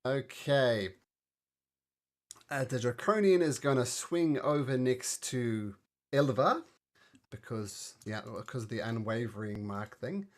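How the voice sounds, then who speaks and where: A man running a tabletop game as game master, chatty and cheerful, with bursts of excitement when the dice go well. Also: medium pitch, slow pace.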